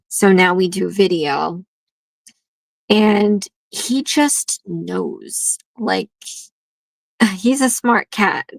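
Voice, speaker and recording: A woman chats at an unhurried pace while she hosts a nail art livestream. Her voice has a gravelly fry and sits in a middle pitch. She rambles freely and laughs often, and the sound is dry and close. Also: no echo, rough recording. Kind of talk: casual livestream chat.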